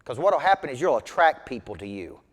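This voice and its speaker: A man's voice: medium pitch, very animated, fairly quick. Emphatic male coach in a reverberant hall. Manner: emphatic, punchy repetition. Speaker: business coach. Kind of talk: motivational sales training talk.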